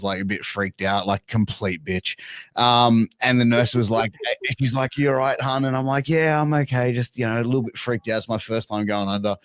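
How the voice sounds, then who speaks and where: A man's voice: on the low side, no room sound. An Australian man in his thirties, a podcast guest telling a crude, self-mocking story in casual chat, with lots of stammered restarts. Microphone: remote video call.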